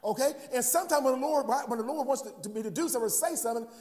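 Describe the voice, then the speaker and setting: A high-voiced American man preaches to his congregation. He stumbles over repeated words and keeps tossing out questions to the listeners. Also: rapid-fire, darkish tone. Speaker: pastor. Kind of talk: sermon.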